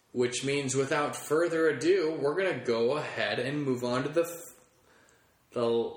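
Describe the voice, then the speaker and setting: A man's voice: mid-range voice, fairly bright tone. A man hosting a comedy podcast, rambling through a chatty, casual monologue and swearing freely. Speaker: podcast host. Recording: echoey room.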